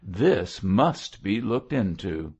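Spiteful sharp-tongued older lady, man reading her, hard and cutting, gravelly, dull audio. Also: fairly low pitch, big pitch swings, slow pace, exaggerated voice.

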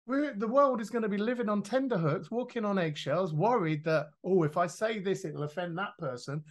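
Animated man talking life coaching. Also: high-pitched, normal speed. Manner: animated, swears freely, acts out quoted voices. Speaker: podcast guest. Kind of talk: casual podcast conversation.

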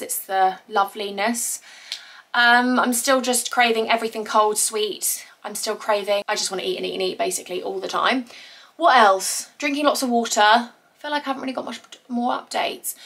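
A woman's voice: mid-range voice, a bit bright. A young woman chatting casually to camera at home, bubbly and rambling, a little out of breath. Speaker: vlogger. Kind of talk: casual vlog chat. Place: at home indoors.

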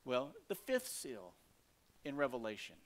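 A man, the lead pastor, preaching a sermon with emphatic rises and soft asides. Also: medium pitch, huge pitch swings, unhurried. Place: church sanctuary.

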